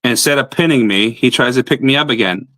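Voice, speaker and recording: A man's voice: mid-range voice, fast, fairly bright tone, no room sound. A man, a pro wrestler guest, telling a blunt, profane story in casual talk.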